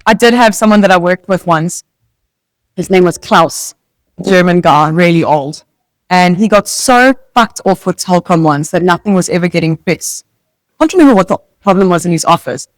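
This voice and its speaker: A woman's voice: lowish voice, animated, normal speed, no room sound, poor audio. A South African woman co-hosting a casual podcast, telling stories in a chatty way with many "like" fillers. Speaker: podcast co-host. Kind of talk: casual chat.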